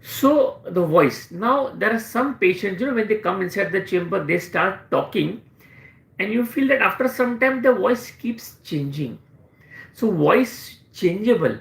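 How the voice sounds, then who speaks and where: Gravelly Indian-accented man teaching. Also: high voice, expressive, unhurried, a bit bright, roomy sound. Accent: Indian English. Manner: repetitive, emphatic explaining. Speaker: homeopathic doctor. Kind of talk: live Q&A teaching.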